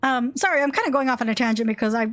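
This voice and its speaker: A woman's voice: fairly high pitch, rapid-fire, fairly bright tone. A young woman streamer chatting casually while gaming, rambling and gushing with lots of fillers and restarts.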